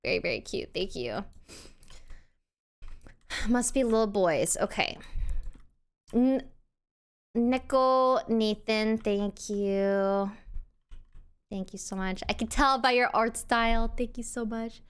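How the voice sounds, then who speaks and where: Speaking slowly with long pauses, a young woman streamer thanks her live chat while crying and laughing. Her voice is smooth and fairly high-pitched in this casual conversation.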